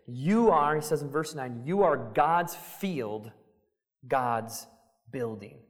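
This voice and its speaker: Conversational preacher in a reverberant hall. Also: male voice, mid-range voice, expressive, slow. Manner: conversational, emphatic, frequent "right?" and "like". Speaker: pastor. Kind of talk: sermon. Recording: long reverb of a large hall.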